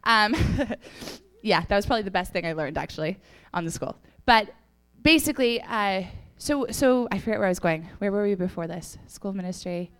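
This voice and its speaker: A woman's voice: medium pitch, animated, moderate pace, clear, resonant tone. A young woman giving a casual testimony to a church audience, telling stories chattily with laughs and fillers, a little sniffly. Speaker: church speaker.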